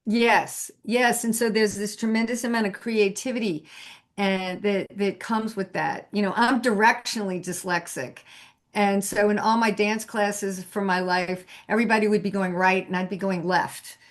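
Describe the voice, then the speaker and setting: A woman's voice: mid-range voice, steady tone, moderate pace. Effusive woman host on a video call. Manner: warm, effusive, affirming.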